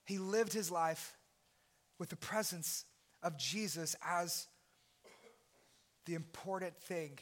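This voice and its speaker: A man preaching a sermon as pastor, impassioned and at times shouting. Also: high voice, slow, long pauses.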